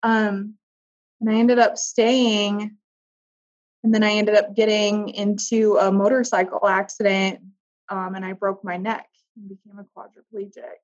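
A woman tells her own story as an interview guest, candid and emotional, pausing and restarting as she searches for words. Her voice sits at an ordinary pitch. The recording sounds slightly dull and lo-fi. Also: level tone. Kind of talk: personal storytelling in conversation. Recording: dull lo-fi audio.

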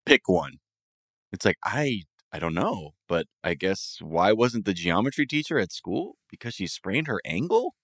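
A man's voice: lowish voice, sing-song, unhurried, fairly bright tone, no room sound. Podcast co-host guy, casual jokey chat, bouncy voice, dead dry sound. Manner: joking, riffing, swears casually.

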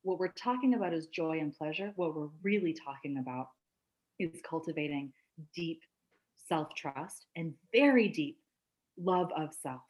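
A woman's voice: low-pitched, lively intonation, moderate pace, a little mellow, rough recording. A woman coach on a podcast, talking emphatically in casual chat, swearing and laughing often.

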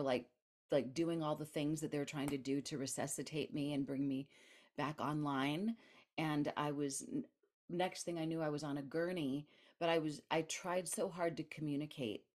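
Woman, very low voice, guest author, animated storyteller, laughs often. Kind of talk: storytelling in an interview.

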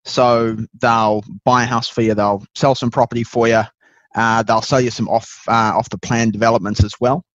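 A man from New Zealand with a Kiwi accent that slides toward Australian talks casually as an interview guest, easygoing and calling people "mate". His voice is mid pitched. The sound is dull and muffled, as over a remote line, and dry. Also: normal speed, no room sound. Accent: New Zealand with some Australian. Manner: relaxed, says "mate", restarts often. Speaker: guest, buyer's agent.

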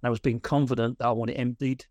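A man's voice: medium pitch, flat delivery, racing, darkish tone, no echo. A man, a coaching client, telling anecdotes in a rambling way with many restarts. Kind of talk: casual chat on a call.

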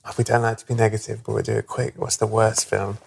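A man's voice: fairly low pitch, little pitch movement, quick pace, vocal fry, slightly rough. A man hosting a podcast interview in a playful, joking, sweary way. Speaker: podcast host. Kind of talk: casual chat.

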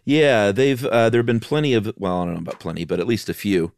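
A man's voice: on the low side, animated, quick pace, darkish tone, no echo, studio quality. A man co-hosting a casual podcast, bantering wryly and teasing his partner. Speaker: podcast co-host. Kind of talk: casual chat.

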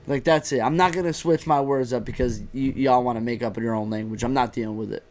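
A man's voice: medium pitch, steady tone, fast, hardly any pauses, a little mellow. A young man chatting casually as a podcast co-host, joking and teasing and laughing often. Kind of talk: casual chat.

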